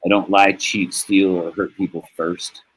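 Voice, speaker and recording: A low-pitched American man with a husky, slightly breathy voice talks straight to his stream viewers. He rambles in a heartfelt, salty way, drifting between stories and big feelings, with laughs along the way. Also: level tone, unhurried, rough recording. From United States. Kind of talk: casual rambling monologue.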